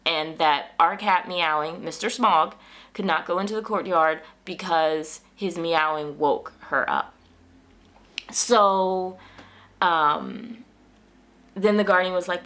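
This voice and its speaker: A woman vlogger in casual, animated storytelling, whose voice jumps up when she quotes herself in exasperation. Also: fairly low pitch, normal speed. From United States.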